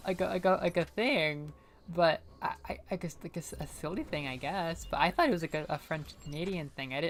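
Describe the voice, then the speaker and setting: A young American woman streaming a game, chatting casually in a rambling, filler-heavy way and quick to laugh and apologize. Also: fairly low pitch. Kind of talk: casual live-stream commentary.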